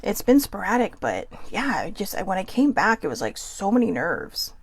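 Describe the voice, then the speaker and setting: A woman with a Californian accent hosting a casual solo talk, reading cards aloud and chatting quickly, with frequent self-interruptions and an admitted nervousness. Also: medium pitch, big pitch swings, gravelly, breathy edge, no room sound. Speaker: host. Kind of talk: casual musing while reading oracle cards.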